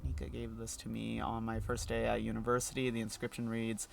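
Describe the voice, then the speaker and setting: A man's voice: mid-range voice, monotone, brisk, creaky, slight background noise. A man streaming a game, chatting casually, laughing often and reading the game's dialogue aloud in playful voices.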